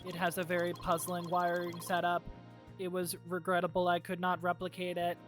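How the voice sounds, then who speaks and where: A woman voicing a calm, smug male bomb-disposal expert witness, clipped and deadpan, for a courtroom game. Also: fairly low pitch, normal speed, faint music behind, lightly acted.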